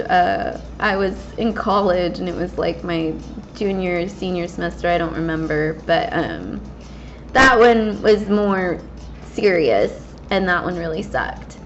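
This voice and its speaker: A woman in her twenties talking candidly and casually while she plays a game, rambling with many fillers. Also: medium pitch. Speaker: gaming vlogger. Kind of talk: casual personal talk while gaming. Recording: slightly dull lo-fi mic with faint background hiss.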